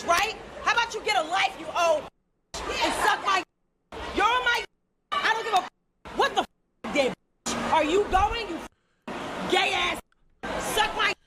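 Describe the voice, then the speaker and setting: A woman ranting aggressively and profanely on a live stream, shouting. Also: very high-pitched, unhurried, long pauses. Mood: angry. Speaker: streamer in played clip. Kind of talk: angry live-stream rant. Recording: clip with loud crowd and noise.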